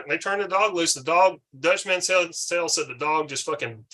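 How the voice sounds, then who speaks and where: Animated, bright-voiced man telling a story. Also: on the high side, normal speed. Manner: animated storyteller, swearing freely. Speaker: podcast host. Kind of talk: casual storytelling chat.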